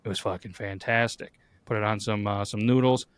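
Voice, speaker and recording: A man's voice: fairly low pitch, steady tone, fairly quick, clean tone, no room sound. Blunt, foul-mouthed male podcast host. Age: adult, married. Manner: profane, blunt storytelling. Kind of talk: casual chat.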